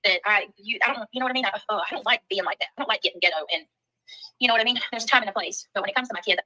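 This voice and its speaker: A woman's voice: medium pitch, rapid-fire, sharp tone, rough recording. A woman with a Southern US accent hosting a livestream, chatting casually and greeting viewers by name as she reads their comments. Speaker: livestream host.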